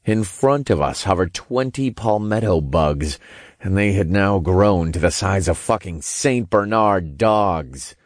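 A man narrating a first-person novel in a steady storytelling manner with casual swearing. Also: sits low, unhurried, no echo, studio quality. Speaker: audiobook narrator.

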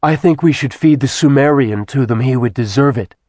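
A man's voice: medium pitch, brisk, darkish tone, no echo, voice pushed up, natural voice. A man voicing a testy, blunt female demon who is always hungry.

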